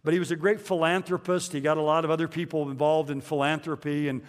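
Guy preaching a sermon, lots of uh's and restarts, slightly high voice, echo hanging in the church. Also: level tone, fast. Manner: conversational preaching with frequent fillers and restarts. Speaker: pastor.

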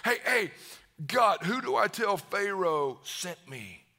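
A male preacher acting out an anxious Moses, a grown man who stammers and pleads in short, broken phrases. His voice is bright and pushed a little higher than usual. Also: big pitch swings, slow pace, faint music behind, heavily acted. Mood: pleading.

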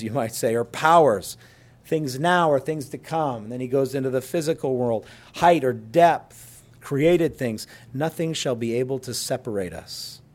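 A man's voice: mid-range voice, darkish tone. A man preaching a sermon, telling a story with earnest feeling and closing in prayer. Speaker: pastor.

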